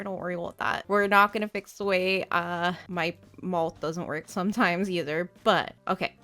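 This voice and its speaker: A woman's voice: fairly low pitch, a bit bright. A woman hosting a video game let's play, chatting in a bubbly, rambling way with tongue-in-cheek conspiracy jokes. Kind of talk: casual gameplay commentary.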